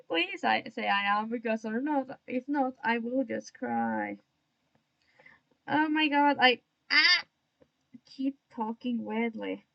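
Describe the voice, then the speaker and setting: A woman's voice: on the high side, slow, creaky, dull audio. A young woman streaming while she draws, chatting to herself in a self-mocking way and remarking on her own odd tone of voice. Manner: admits to an odd put-on tone today. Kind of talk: casual livestream chat while drawing.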